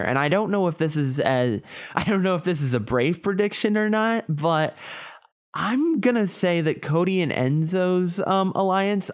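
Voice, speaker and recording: A man co-hosting a casual podcast, talking things over with lots of fillers and restarts. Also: high-pitched. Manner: chatty, hedging with fillers and restarts. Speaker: podcast co-host. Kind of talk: casual chat.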